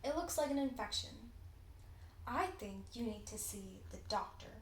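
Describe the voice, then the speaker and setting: A wise, kind little elf owl, voiced by a teenage girl reading aloud. She speaks in a calm, helpful manner. The voice sits in an echoey room. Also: fairly high pitch, moderate pace, a little hiss or hum, lightly acted.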